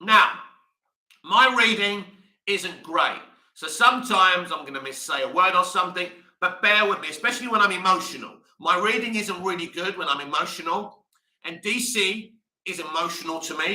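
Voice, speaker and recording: Passionate man with a bright voice. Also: sits high, normal speed, reverberant, recorded from a distance. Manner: passionate, rambling, addresses viewers directly. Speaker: movie news channel host. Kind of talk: live-stream commentary.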